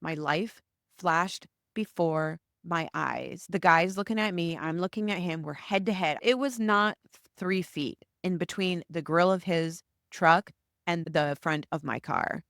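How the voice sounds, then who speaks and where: An American woman hosting a solo podcast, telling stories in a chatty, animated way. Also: on the low side, unhurried, gravelly, no room sound, studio quality. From United States. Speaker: podcast host.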